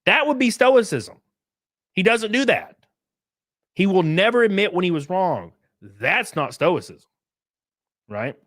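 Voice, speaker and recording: A man's voice: sits high, big pitch swings, a little slow, pauses often, fairly bright tone, no room sound, clean studio sound. A young man streaming live, rambling casually and swearing as he comments and greets his chat. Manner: rambling and profane. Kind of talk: livestream commentary.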